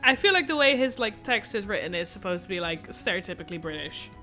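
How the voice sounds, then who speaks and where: A woman's voice: mid-range voice, animated, fast talker, sharp tone. A woman streaming a game, reading the dialogue aloud in her own voice and chatting about the story. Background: faint game music.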